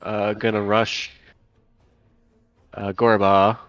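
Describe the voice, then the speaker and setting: Game master, male, lowish voice, casual halting delivery, dull lo-fi call with music under it. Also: level tone, a bit bright, dry recording. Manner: casual, stop-start, full of fillers. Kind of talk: narrating a tabletop game.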